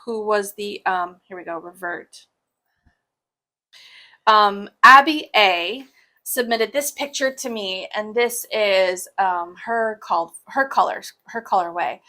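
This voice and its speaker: A woman's voice: medium pitch, takes it slowly, bright, forceful tone. A young woman hosting a casual cross-stitch show, chatting in a joking, sarcastic way and laughing often. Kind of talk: casual chat.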